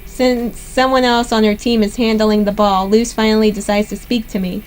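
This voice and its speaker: A young woman hosting a gaming channel, reading a visual novel aloud in steady first-person narration. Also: mid-range voice, moderate pace, faint music behind, low-quality recording.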